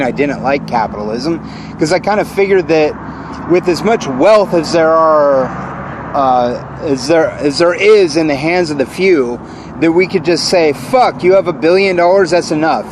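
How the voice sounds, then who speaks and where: A man in his forties with a high-pitched voice, venting a repetitive, accusing rant. He keeps hammering the same lines and keeps pushing himself louder. Loud traffic noise rumbles behind him outdoors. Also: moderate pace. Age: 40s. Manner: repetitive, accusing, escalating into shouted outbursts. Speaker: vlogger. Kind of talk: angry rant to camera.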